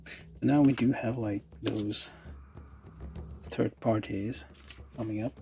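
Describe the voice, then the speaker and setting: Slow, gravelly man thinking aloud. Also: fairly low pitch, fairly even intonation, warm tone, muffled recording. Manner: mumbling, thinking aloud, many fillers. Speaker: model kit livestreamer. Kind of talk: casual talk while building. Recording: music playing under the voice. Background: background music.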